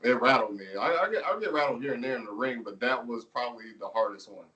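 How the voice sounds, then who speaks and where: Male pro wrestler guest, relaxed and chatty, laughs a lot, a bit off-mic. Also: mid-range voice, fast, distant mic, low-quality recording. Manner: laid-back storytelling, laughs often, filler words. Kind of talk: casual interview chat.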